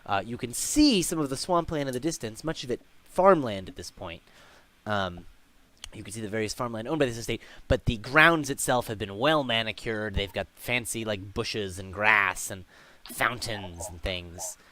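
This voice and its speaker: Man, game master, tabletop narration, bright tone, casual, filler-heavy. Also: fairly low pitch, expressive, normal speed.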